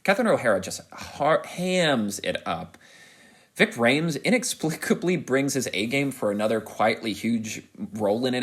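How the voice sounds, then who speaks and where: A man hosting a podcast, giving an enthusiastic, rambling spoken film review full of restarts and fillers. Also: medium pitch. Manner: animated, rising to excited peaks.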